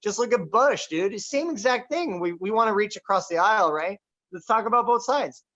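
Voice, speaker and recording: A man hosting a casual political chat, talking in a boisterous, loud and animated way. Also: high-pitched, moderate pace. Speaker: podcast host. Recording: dull lo-fi recording.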